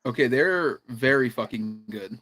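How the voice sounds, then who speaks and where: A man's voice: mid-range voice, animated, unhurried, a bit bright. A man co-hosting a podcast in casual chat, telling stories with laughs and swearing. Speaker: podcast co-host.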